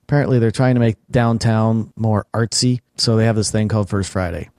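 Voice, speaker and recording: A man's voice: lowish voice, fairly even intonation, fairly quick, a little mellow, no echo, clean studio sound. A man in his forties, casually telling a rambling story with frequent chuckles as a podcast co-host. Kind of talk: casual chat.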